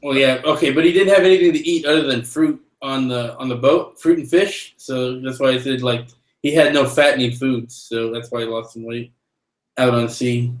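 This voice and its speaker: A man's voice: medium pitch, fairly even intonation, moderate pace. A man co-hosting a casual book discussion podcast, joking and moving the talk along. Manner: joking, steers the talk onward. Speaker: podcast co-host. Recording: roomy echo.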